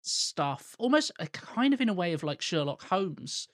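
Man from the UK, wry podcast talk, raised pitch, dry sound. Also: very animated, unhurried, dry recording. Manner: wry, rambling with fillers and restarts. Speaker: podcast co-host. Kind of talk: casual film discussion.

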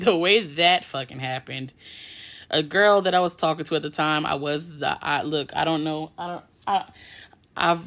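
A woman's voice: low voice, normal speed. A young adult woman hosting a podcast, telling a personal story in a candid, casual way with lots of swearing. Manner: candid and heavy on swearing, with animated retellings. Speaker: podcast host.

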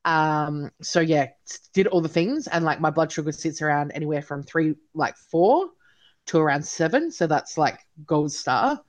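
A woman's voice: deep voice, expressive, moderate pace. A woman guest talking frankly and casually in an interview, blunt and occasionally swearing. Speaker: podcast guest. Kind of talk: candid casual conversation.

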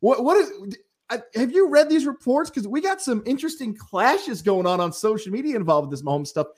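A man's voice: extremely high pitch, expressive, brisk, darkish tone. A man co-hosting a sports podcast, talking casually and acting out people in his stories.

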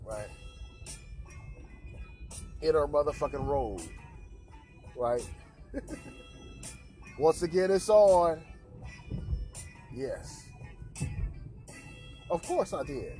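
A man's voice: fairly high pitch, animated, extremely slow, pauses often, dark tone, faint music behind. A man hosting a podcast, telling a crude anecdote in a profane, slangy way with lots of repeated filler tags. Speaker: podcast host.

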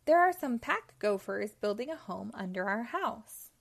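A woman doing a high, mild cartoon Pac-Man. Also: very animated, measured pace, gravelly, full character voice. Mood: puzzled. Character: puzzled easygoing cartoon Pac-Man, male.

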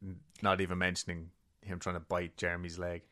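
A man's voice: low voice, completely flat delivery, a little fast, pushed and bright. A man co-hosting a podcast, casually retelling a story and reading quotes from a book, with swearing and laughing asides. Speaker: podcast co-host.

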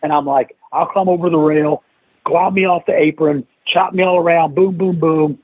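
On an interview podcast, a male guest with a somewhat high, breathy voice tells a lengthy tale at a moderate pace, animatedly acting out what each character said. There's no room sound; the line is dry and tinny like a phone.

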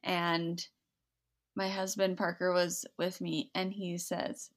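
A woman co-hosting a podcast in casual chat, with a slightly scratchy, sleepy voice, chatty and quick to laugh. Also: fairly low pitch, little pitch movement. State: sleepy from recording early in the morning. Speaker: podcast co-host.

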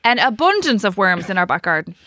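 An Irish woman in her thirties co-hosts a casual podcast chat, teasing and expressive as she talks. Her voice is bright and quick, and the sound is dry and close. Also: medium pitch, dry recording. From Ireland. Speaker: podcast co-host.

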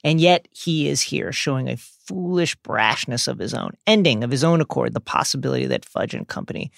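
A man co-hosts a podcast and reads book passages with dramatic emphasis between his comments. His voice is gravelly and his pitch moves in lively swings. The sound is dry and close. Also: a little fast, dry recording. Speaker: podcast co-host.

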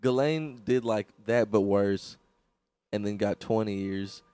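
A man's voice: lowish voice, slow pace, dark tone, no echo. A young man co-hosting a podcast, laughing often and bringing up crude news bits in casual chat. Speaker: podcast co-host.

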